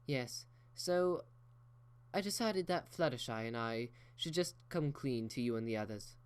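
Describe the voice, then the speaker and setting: A man's voice: mid-range voice, expressive, measured pace, clear, resonant tone, lightly acted. A man voicing an elegant, proper unicorn mare who speaks in a genteel, theatrical way. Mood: breezy.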